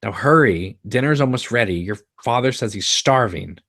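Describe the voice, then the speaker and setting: A man's voice: mid-range voice, lively intonation, normal speed, fairly bright tone. A man reading a screenplay aloud live and voicing a caring middle-aged mother. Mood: soothing. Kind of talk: live screenplay read-through.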